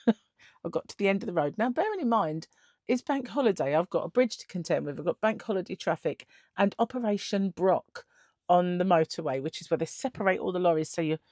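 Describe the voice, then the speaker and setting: A woman's voice: fairly low pitch, darkish tone, no echo, clean studio sound. A middle-aged woman telling a story in a casual vlog, chatty and laughing often, acting out the other people in it. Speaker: vlogger.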